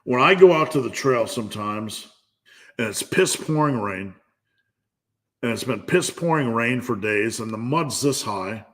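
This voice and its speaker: This is a man hosting a live fitness Q&A. He speaks at an easy, deliberate pace in a middle pitch. His pep talk is blunt and salted with profanity. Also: animated, a bit bright. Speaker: fitness channel host.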